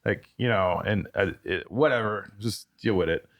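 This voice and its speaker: A man who is an army veteran, a guest on a podcast, recounting his youth in a halting, casual way. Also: on the low side, muffled recording. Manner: halting, restarts often. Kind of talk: casual conversation.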